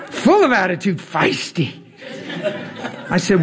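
A male preacher delivering a casual, storytelling sermon, animated and slangy, often laughing as he talks. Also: high voice, measured pace, long pauses, a crowd in the background.

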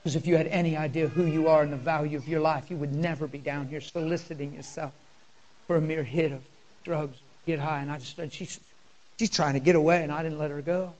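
A male pastor, preaching a sermon in a conversational style and telling personal stories with deep emotion. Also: fairly even intonation, fairly quick, a little mellow.

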